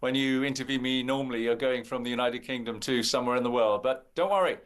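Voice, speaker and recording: A man's voice: mid-range voice, fast talker. An older man, a politician guest chatting jovially in a radio interview.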